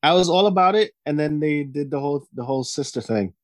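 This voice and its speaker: Laid-back man with lively pitch. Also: fast, no room sound, studio quality. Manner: laid-back, short replies. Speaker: podcast co-host. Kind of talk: casual chat.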